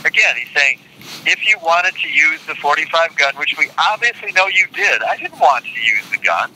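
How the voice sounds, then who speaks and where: Older male interview guest, bright, fairly high voice, deliberate and aggrieved. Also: big pitch swings, rough recording. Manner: deliberate, indignant, repeats quotes for emphasis. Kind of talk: reading court transcript quotes aloud.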